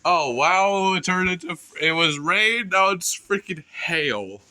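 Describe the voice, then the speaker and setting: Excitable, congested young man vlogging a storm. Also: high-pitched, measured pace, slight background noise. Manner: rambling, excitable, self-correcting. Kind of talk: casual narration while filming a storm. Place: indoors at home by windows.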